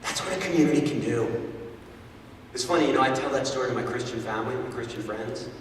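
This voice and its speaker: A man giving an animated talk to a live audience, telling a story and repeating words, in an echoey hall heard from far off. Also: mid-range voice, fast, slight background noise. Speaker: guest speaker.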